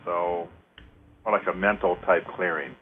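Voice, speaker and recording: Man, radio host, meandering and filler-heavy, husky tone, tinny narrow-band sound. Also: low voice, fairly even intonation. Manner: rambling, halting, many fillers, counts aloud slowly. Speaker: host leading an energy clearing. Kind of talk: casual radio talk.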